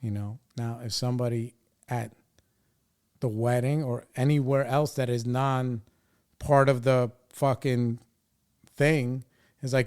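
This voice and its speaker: A man's voice: medium pitch, unhurried, long pauses, clean tone. A young adult man and podcast host telling a story in casual chat, swearing often and sounding exasperated. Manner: profane, animated, exasperated retelling.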